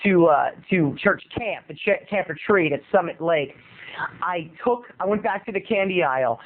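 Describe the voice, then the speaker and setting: A high-voiced man tells a comic story straight to camera, camping it up with mock solemnity. His delivery is theatrical. The audio is thin and tinny, like a phone line. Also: expressive, moderate pace. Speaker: video blogger. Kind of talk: comedic storytelling monologue. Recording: tinny lo-fi sound.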